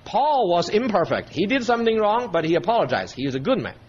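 Animated man teaching scripture. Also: high-pitched, fast, slightly rough, muffled recording. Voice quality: emphatic, checks in with frequent "okay?". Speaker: Bible teacher. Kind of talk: verse-by-verse Bible teaching.

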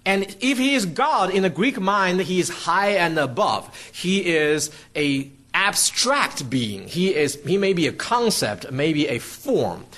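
A man's voice: high-pitched, slow, few pauses. A man preaching a teaching sermon, often checking in with "okay?" and "right?" and restarting his words as he explains. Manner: restarts and fillers, lively explaining.

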